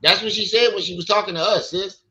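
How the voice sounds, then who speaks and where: A man's voice: sits high, steady tone, quick pace, bright, forceful tone, highs cut off. A man hosting a livestream, telling profane stories in casual chat and acting out what other people said. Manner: profane, storytelling, acts out quotes. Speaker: livestream host.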